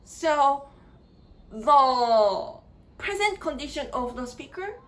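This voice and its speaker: Slow, deliberate high-voiced woman lecturing. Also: lively intonation, a bit bright, rough recording. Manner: halting, repeats words while searching for phrasing. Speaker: grammar lecturer.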